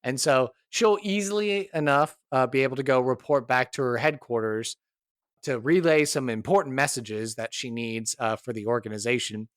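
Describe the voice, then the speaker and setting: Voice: mid-range voice, moderate pace, no room sound, studio quality. A player describing their character's actions in a tabletop game, hesitant with many fillers.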